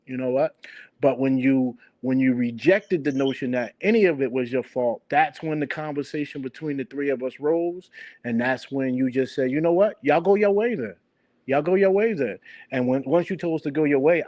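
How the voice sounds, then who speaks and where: A man's voice: mid-range voice, darkish tone, no room sound. A middle-aged man hosting a heated online talk stream, speaking earnestly and directly, often stumbling and restarting his words. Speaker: stream host.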